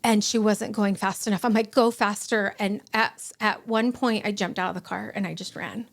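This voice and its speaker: A woman's voice: mid-range voice, steady tone, normal speed, vocal fry. A woman in her forties, a guest on a podcast, telling a personal story in short, broken sentences and acting out the voices of the people in it. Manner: emotional, acts out quoted dialogue. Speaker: guest, bereaved mother.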